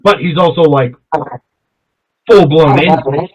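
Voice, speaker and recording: A young man telling stories in loose, profane casual chat, with a fairly high voice. His voice comes through thin and tinny, like a phone line. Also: takes it slowly. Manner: profane, animated storyteller who jumps high in pitch when quoting himself. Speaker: podcast co-host.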